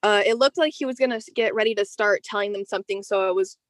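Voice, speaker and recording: A teenage girl talks quickly in a medium-pitched voice, telling a personal story as a guest in a casual interview. Her delivery is animated and chatty with lots of "like," in a dry recording.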